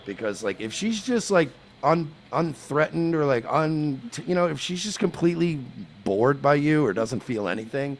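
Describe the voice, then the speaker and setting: A man's voice: fairly high pitch, sing-song, moderate pace, few pauses, a little hiss or hum. A man from the United States telling crude, boastful stories in casual chat, with frequent restarts.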